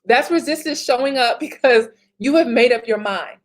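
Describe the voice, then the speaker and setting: A woman's voice: a little high, moderate pace. A woman in her thirties giving a motivational talk as a business coach, emphatic, repeating phrases and laughing often.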